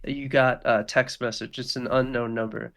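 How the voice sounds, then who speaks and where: A man's voice: medium pitch, little pitch movement, normal speed, a bit bright. A man running a tabletop game as game master, describing scenes in a loose way with lots of fillers.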